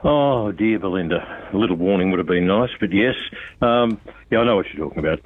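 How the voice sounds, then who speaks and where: Australian man, very low husky voice, blunt and forceful, tinny phone line. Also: expressive, a little fast, no echo. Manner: blunt, forceful, repeats himself. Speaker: guest on radio phone-in. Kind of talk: casual radio chat.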